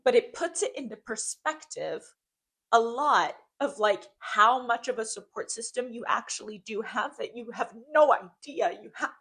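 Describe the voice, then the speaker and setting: A young woman co-hosting a podcast speaks in a fairly high, bright voice. She talks in a heartfelt, open way, repeats her phrases and fills them with "like". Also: lively intonation, moderate pace, husky. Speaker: podcast co-host. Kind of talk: casual podcast chat.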